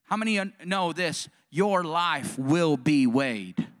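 High, bright fervent preacher. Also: male voice, lively intonation, slow pace. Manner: fervent, call-and-response preaching. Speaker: pastor. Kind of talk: sermon. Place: church sanctuary.

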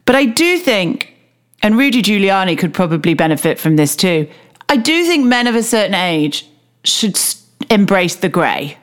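A woman in her thirties co-hosting a casual podcast. She talks in a candid, chatty way and laughs easily. Her voice sits at an ordinary middle pitch. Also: very animated, normal speed. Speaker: podcast co-host. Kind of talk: casual chat about reality TV.

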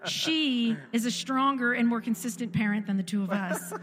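A woman's voice: a little high, normal speed, long reverb tail, crowd noise. A woman in her forties giving an impassioned church testimony, firing off repeated rhetorical questions. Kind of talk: sermon testimony.

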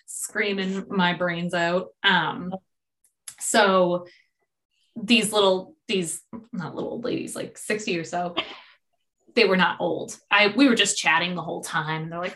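A young woman tells a story in casual chat, her voice bright and a little tense. She acts out the people she quotes and jumps way up in pitch when she gets excited. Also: measured pace.

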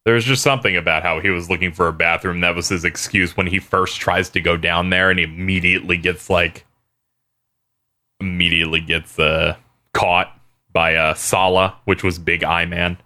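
A man co-hosting a podcast, casually reviewing an animated series, joking and swearing freely. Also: sits low, moderate pace. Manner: joking, swears freely, quotes characters in silly voices. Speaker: podcast co-host. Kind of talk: casual chat reviewing a show.

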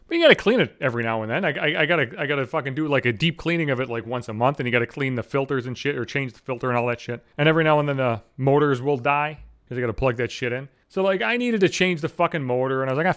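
A man's voice: on the high side, fast talker, hardly any pauses, a bit bright. A man hosting a solo podcast, ranting in a profane, frustrated way while grieving. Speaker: podcast host.

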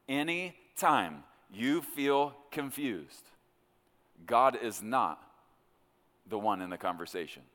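A man preaching a sermon as a pastor, conversational and animated, often stumbling over repeated words as he restarts. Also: medium pitch. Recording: long hall reverb.

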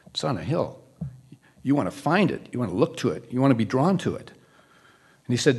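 A man's voice: medium pitch, big pitch swings, moderate pace, pauses often, a little mellow, slightly rough. A male minister preaching a sermon in a conversational way, often asking the congregation questions. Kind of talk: church sermon.

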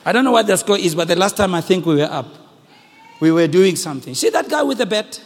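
Husky high-voiced South African preacher. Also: male voice, fast. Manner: animated, shouts at peaks, joking with the congregation. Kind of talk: sermon. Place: church hall with congregation. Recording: long echoing hall reverb.

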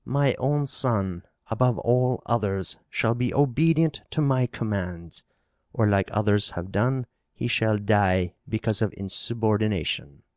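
A man reading the part of a stern older alien ruler and father, speaking in a measured, commanding way. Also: fairly low pitch, dry recording, studio quality, lightly acted.

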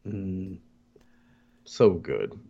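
A man's voice: low voice, very animated, very slow, vocal fry, mellow, lo-fi sound. A man co-hosting a podcast, reacting to a cartoon with crude jokes, swearing and laughter. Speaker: podcast co-host. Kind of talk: casual chat, crude jokes.

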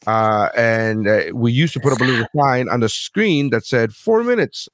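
A man's voice: mid-range voice, expressive, normal speed, no room sound, studio quality. A man hosting a casual podcast, rambling and joking with lots of swearing. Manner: profane, rambling, joking rants. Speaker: podcast host.

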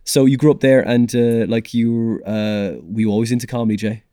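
A man's voice: mid-range voice, fairly even intonation, a little fast, mellow, no room sound, studio quality. A man with a West Cork Irish accent hosting a casual podcast chat, rambling and friendly with lots of "you know". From West Cork, Ireland. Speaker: podcast host.

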